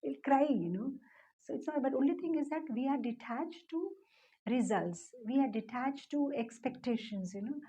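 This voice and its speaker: A woman's voice: high-pitched, moderate pace, dark tone, husky, poor audio. A middle-aged woman giving a conversational devotional talk, full of fillers, answering a question. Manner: conversational, many fillers, tells a story. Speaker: spiritual teacher.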